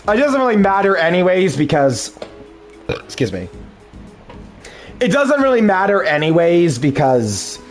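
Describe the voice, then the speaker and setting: Animated, chatty male streamer. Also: on the high side. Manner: chatty, rambling, easily sidetracked. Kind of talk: casual gameplay commentary.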